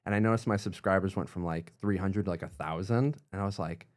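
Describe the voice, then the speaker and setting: A young man with a deep voice tells a story in a relaxed podcast chat. He talks animatedly, full of "like" and "um", and jumps up high when he acts out what people said. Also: fast talker. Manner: animated, acts out quotes with jumps in pitch, many fillers. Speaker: guest, YouTuber. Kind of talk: casual storytelling interview.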